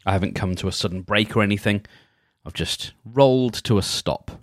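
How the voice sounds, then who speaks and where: A man hosting a solo podcast, leading a gentle, halting, reflective check-in with frequent restarts. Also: on the low side, dry recording, studio quality. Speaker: podcast host.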